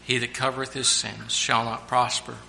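A man preaching a sermon to his church, now and then shouting out the lines of the story he tells. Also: medium pitch, level tone, normal speed, gravelly, a little hiss or hum. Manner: preaching with sudden loud acted-out shouts.

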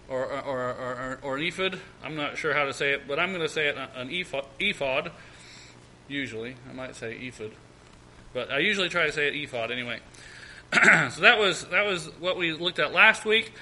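A man preaching a sermon as pastor, with many fillers and restarts, then reading scripture aloud in a raised, slow cadence. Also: fairly high pitch, bright, forceful tone, slight background noise, rough recording.

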